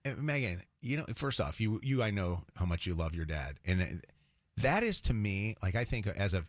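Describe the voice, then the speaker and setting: A man's voice: lowish voice, no echo, clean studio sound. A middle-aged man hosting a morning radio show, chatting casually in a rambling way with frequent restarts. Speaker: radio host. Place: radio studio. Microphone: studio microphone.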